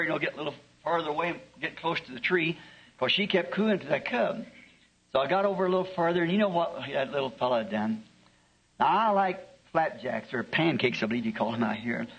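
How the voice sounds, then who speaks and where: A man's voice: fairly high pitch, a little fast, fairly bright tone, breathy edge. A man, a preacher telling a homespun story in a sermon, chuckling through his anecdotes. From American South. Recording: dull lo-fi archive tape.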